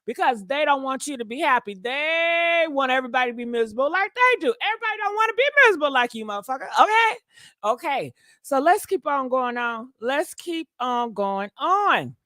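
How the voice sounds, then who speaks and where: A woman's voice: high voice, sing-song, moderate pace, a bit bright, no echo, studio quality. A woman hosting a casual livestream, sassy and profane, talking straight to her chat and laughing often. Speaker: livestream commentary host.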